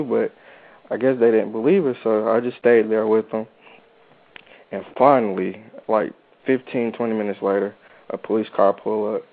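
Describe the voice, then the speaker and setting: A young man from North Carolina, earnestly recounting his own story as an interview guest, with lots of "like" and "you know". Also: medium pitch. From Charlotte, North Carolina. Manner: earnest, informal, says "like" and "you know" a lot. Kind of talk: personal storytelling. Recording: tinny phone-like radio audio.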